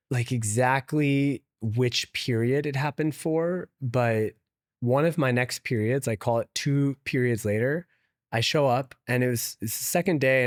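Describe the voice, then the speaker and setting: Male interview guest, casual anecdote teller, filler-heavy and loose, mid-pitched, dry close recording. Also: no room sound. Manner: loose and chatty, heavy use of "like", laughs often. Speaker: interview guest, venture investor. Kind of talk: casual storytelling in conversation.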